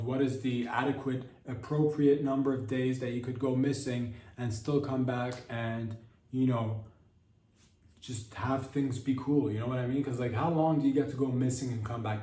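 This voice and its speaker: A man's voice: medium pitch, distant mic. Rambling man riffing in a roomy space. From Canada. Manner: rambling, deadpan mock-serious. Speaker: podcast host. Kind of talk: comedic news riff.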